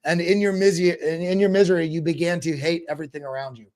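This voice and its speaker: A man's voice: fairly high pitch, level tone, quick pace, a little mellow. A man hosting a crypto show, giving a casual motivational talk that rambles and often repeats words.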